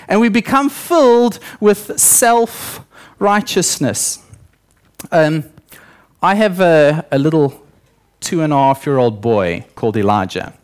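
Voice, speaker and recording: A man's voice: fairly high pitch, sing-song, slow pace, darkish tone. A young male preacher giving a sermon in church, telling stories with acted-out quotes and voices.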